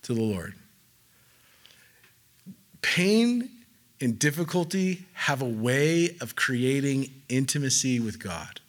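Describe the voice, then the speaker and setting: A man's voice: mid-range voice, big pitch swings, takes it slowly, pauses often. A man preaching a sermon in a casual, conversational way, with joking asides and acted-out quoted voices. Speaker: pastor.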